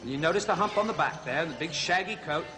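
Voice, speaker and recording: A man's voice: a little high, expressive, quick pace, lightly acted. A man playing a chattering, self-amused jungle explorer who hosts a zoo segment on a 1970s children's TV comedy and is easily flustered. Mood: jovial. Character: jolly bumbling male jungle explorer zoo host. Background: music.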